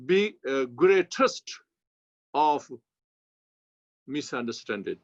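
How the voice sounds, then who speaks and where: A man with a Tibetan accent, a Buddhist teacher giving a slow, halting dharma commentary in non-native English. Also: mid-range voice, dry recording. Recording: dull, lo-fi sound.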